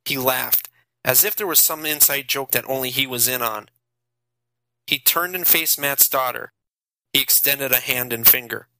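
A man narrating a horror audiobook in steady, dramatic storytelling. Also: medium pitch, no echo, low-quality recording. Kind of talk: scripted narration.

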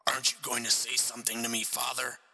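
A man voicing a hoarse, mocking male killer who confesses to a priest, in a reverberant room. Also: medium pitch, little pitch movement, quick pace, bright, forceful tone, exaggerated voice. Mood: taunting. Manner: taunting, mocking.

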